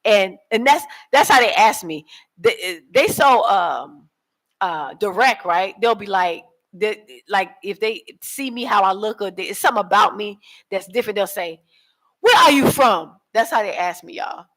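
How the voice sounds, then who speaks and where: A woman's voice: medium pitch, moderate pace, a bit bright. An American woman talking casually to her viewers, telling stories in a chatty, slangy way. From United States. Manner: chatty, slangy storytelling, addresses viewers as y'all. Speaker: vlogger. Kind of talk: casual chat to camera.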